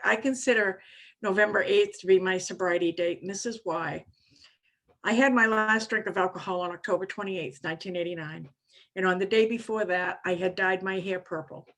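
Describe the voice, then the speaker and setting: A woman's voice: mid-range voice, a bit bright. A woman in her seventies from Maine telling her recovery story at a conference, rambling and self-mocking, with frequent "you know"s. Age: 70s. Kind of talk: personal recovery story talk.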